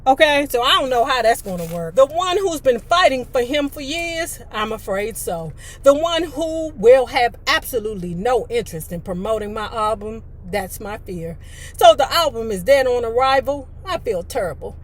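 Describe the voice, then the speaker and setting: High husky lady reading a memoir out loud, chatty and blunt, cusses a bit. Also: expressive, normal speed. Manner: chatty, blunt asides with mild cursing. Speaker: storyteller. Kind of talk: reading a memoir aloud with casual commentary.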